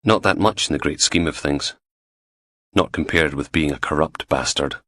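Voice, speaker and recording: A man reading a crime novel aloud as an audiobook narrator, in steady, measured scripted narration. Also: extremely low pitch, no room sound.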